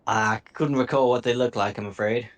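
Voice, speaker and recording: A man's voice: mid-range voice, fairly even intonation, a little fast, lightly acted. A man voicing a watchful male lookout who slips into a cowboy drawl.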